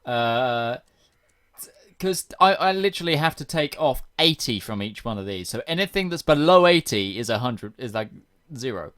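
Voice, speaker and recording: A man's voice: medium pitch, animated, moderate pace, a bit bright. A man playing in a tabletop role-playing game, chatting casually and restarting his sentences. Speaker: player.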